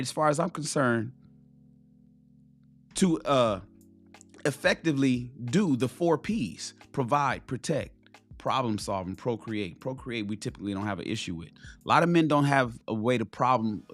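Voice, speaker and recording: A man's voice: medium pitch, a bit bright. Blunt, profane man lecturing with emphasis. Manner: emphatic, repeats key phrases for stress. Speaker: host giving dating advice to men. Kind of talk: blunt, profane motivational talk.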